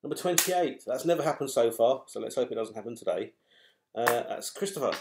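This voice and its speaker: A man hosting a live raffle draw, calling out numbers and names in a chatty, wry, unhurried way. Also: medium pitch, lively intonation, creaky, noisy background. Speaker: raffle host drawing numbered balls.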